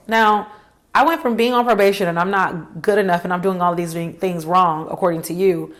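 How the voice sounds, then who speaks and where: A woman's voice: on the low side, steady tone, fairly quick. Candid woman telling her own story. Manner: candid, emphatic, talks straight to viewers. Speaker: career vlogger. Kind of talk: personal storytelling to camera.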